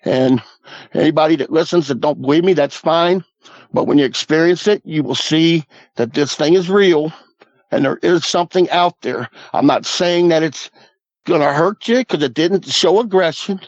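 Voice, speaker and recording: Man, fifties, slightly high voice, earnest folksy storyteller, dry lo-fi audio. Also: moderate pace, no echo. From Southwest Missouri Ozarks. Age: 50s. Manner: earnest, folksy, repeats "I said" and "he goes". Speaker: guest. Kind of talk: recounting a personal encounter.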